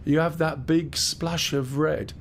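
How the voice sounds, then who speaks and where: A man's voice: on the high side, steady tone, takes it slowly, vocal fry, a little hiss or hum. A man casually chatting and explaining things as he live-streams a game, rambling and swearing a bit. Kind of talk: live gameplay stream chat.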